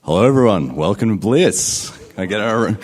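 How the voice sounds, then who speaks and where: A man's voice: lowish voice, lively intonation, normal speed, a little mellow, a little hiss or hum. A man hosting a conference on stage, telling a story to a live audience in a casual, upbeat way. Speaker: conference host and emcee.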